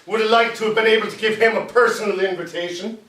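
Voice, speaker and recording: An actor playing a bitter immigrant Civil War captain who drinks alone and rambles sardonically. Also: male voice, high voice, steady tone, quick pace, fairly bright tone, slight background noise. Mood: sardonic. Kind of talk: solo stage monologue. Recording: roomy echo from far off.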